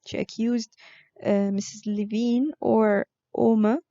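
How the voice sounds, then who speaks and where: A woman teaching an online vocabulary lesson, explaining words slowly with frequent fillers. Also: fairly high pitch, level tone, warm tone, no room sound, highs cut off. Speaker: English teacher.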